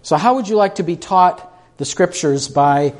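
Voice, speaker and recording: Delivering an off-the-cuff sermon in a high voice at a moderate pace, the man questions his listeners conversationally, often repeating words and restarting his sentences.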